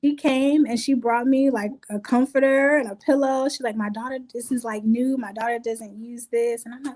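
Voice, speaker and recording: A young adult woman telling her life story in an interview, lively and acting out the people she quotes. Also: a little high, normal speed, hardly any pauses. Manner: animated, acts out quotes with laughs. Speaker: guest. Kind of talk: conversational storytelling.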